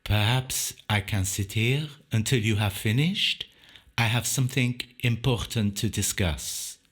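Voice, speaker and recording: Casting: male reader doing a steady, straightforward French woman in her thirties, low and husky. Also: unhurried. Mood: calm. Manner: calm, direct, unhesitating.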